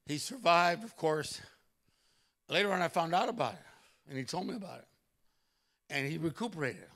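Male pastor preaching in church; high, ringing voice, lively stories and loud exclamations. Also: moderate pace, vocal fry. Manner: animated storytelling with loud exclamations. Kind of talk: sermon.

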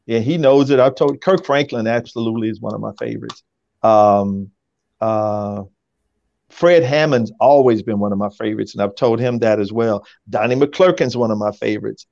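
A man talking casually as a guest on a talk show, using his natural, relaxed speaking voice and laughing easily. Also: fairly low pitch, moderate pace, vocal fry, no echo, muffled recording. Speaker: radio program director, guest.

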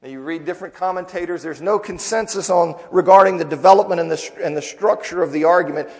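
A man's voice: high voice, fast talker, big-room sound. A man preaching in a church, first reading a story aloud and then explaining it in a loose, conversational teaching manner. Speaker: preacher teaching a Bible class.

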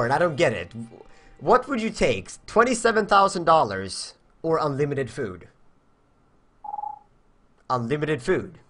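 A man's voice: medium pitch, fairly bright tone. A young man from Sweden chatting casually on a live stream, answering viewer questions in a rambling way, searching for words and swearing.

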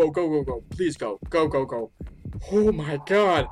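A person giving let's-play commentary on a horror game. They swear often and mutter their thoughts aloud, then break into high shrieks when startled. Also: lively intonation, measured pace, darkish tone, a little hiss or hum. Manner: muttering and thinking aloud between scares. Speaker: gaming video creator.

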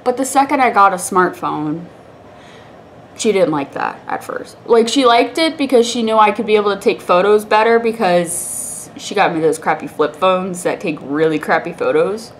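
A woman's voice: mid-range voice, normal speed, slight background noise. A young woman vlogger with a congested, stuffy voice, telling a rambling story to the camera in a chatty way, laughing often.

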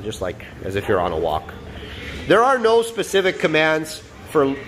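A man's voice: a little high, fairly bright tone, a little hiss or hum. A man explaining a demonstration as a dog trainer, coaching and checking in with his listeners. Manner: explanatory, coaching, frequent "all right?" and "okay?" check-ins. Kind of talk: instructional narration over demonstration.

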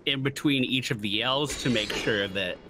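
A man's voice: mid-range voice, normal speed, background noise. A man giving casual game commentary with dry, wisecracking banter. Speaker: co-op let's play gamer.

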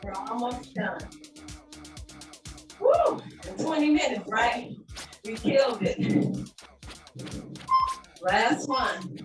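A woman's voice: a little high, recorded from a distance. A woman fitness coach leading a workout class, upbeat and encouraging as she calls out the moves. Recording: roomy echo, from off-mic, faint music.

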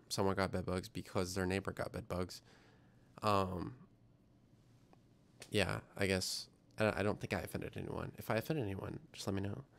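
Young guy reading chat on his science stream, kinda low and gravelly, rambly and self-deprecating. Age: young adult. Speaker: livestream science show host. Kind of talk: casual livestream chat.

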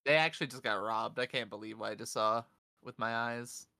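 A man giving casual, joking commentary on a speedrun with friends, blunt and quick to react. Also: mid-range voice, creaky, pushed and bright, no room sound.

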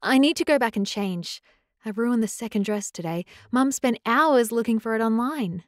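A woman's voice: fairly high pitch, no echo, clean studio sound, lightly acted. A woman voicing an impulsive, chatty, clumsy young werewolf girl in an audiobook. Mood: excitable. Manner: rapid, excitable, apologetic. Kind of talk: audiobook character voice.

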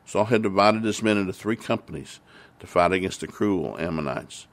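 A man's voice: deep voice, animated, normal speed. Emphatic male preacher retelling Bible stories. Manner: emphatic, repeats phrases for stress. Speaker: family ministry preacher.

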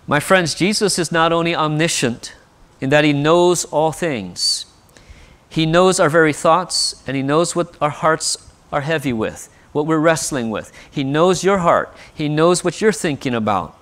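A man's voice: fairly high pitch, animated, unhurried, fairly bright tone. A male pastor preaching a sermon in an earnest way, often asking "right?". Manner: earnest, with frequent rhetorical "right?".

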